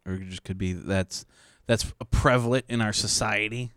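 Male podcast co-host, lowish voice, easygoing quips, dry close recording. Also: steady tone, moderate pace, a bit bright, clear, resonant tone, dry recording. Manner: joking, laid-back quips. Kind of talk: casual podcast chat.

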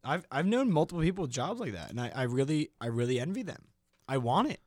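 A man's voice: medium pitch, very animated, fast, no room sound, clean studio sound. A man co-hosting a podcast, rambling in casual banter and often acting out silly exchanges. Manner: rambling, jokey, exaggerated impressions. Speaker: podcast co-host.

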